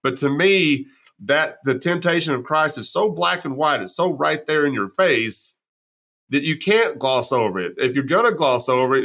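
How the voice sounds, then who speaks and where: A man's voice: medium pitch, fairly bright tone. A man hosting a podcast, talking earnestly in long, reflective sentences. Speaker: podcast host. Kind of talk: casual podcast conversation.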